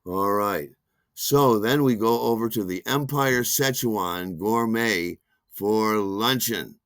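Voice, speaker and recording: A man's voice: lowish voice, slow pace, fairly bright tone, no echo, clean studio sound. A man hosting a podcast, telling a rambling, self-deprecating personal story full of asides. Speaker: podcast host.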